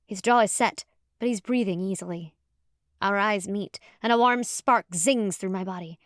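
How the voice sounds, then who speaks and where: A woman narrating a first-person audiobook in a lively, expressive storytelling manner. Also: medium pitch, normal speed, dry recording. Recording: dry close studio sound.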